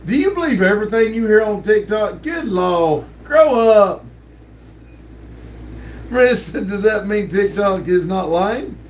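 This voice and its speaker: Reading chat aloud on his casual livestream, the older man speaks in a high, expressive voice at a moderate pace with hardly any pauses, laughing often in a relaxed drawl. A little hiss or hum is present, and he's in a home room with a sticker wall.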